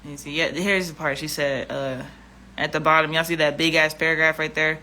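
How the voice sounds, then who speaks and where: A woman's voice: sits low, flat delivery, brisk, pushed and bright, a little hiss or hum. Blunt, exasperated woman vlogger. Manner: blunt and profane, exasperated, repeats herself. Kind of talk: casual livestream rant.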